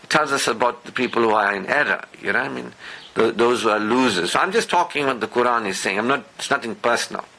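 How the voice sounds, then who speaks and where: A man's voice: mid-range voice, fast talker, pushed and bright, poor audio. A man giving a Friday sermon lecture, talking openly about his own past and repeating phrases for emphasis with frequent asides to listeners. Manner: emphatic, repetitive lists, conversational asides. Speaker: preacher.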